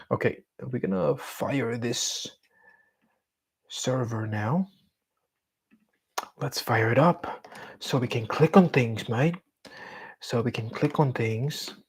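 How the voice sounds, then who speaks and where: A young man talks slowly to himself while working at a computer, filling the pauses with hummed and muttered nonsense sounds. His voice sits at a middle pitch, and the talk comes in relaxed, unhurried bits of casual self-talk. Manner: mumbles, hums and sings filler sounds while typing. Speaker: vlogger coding on camera.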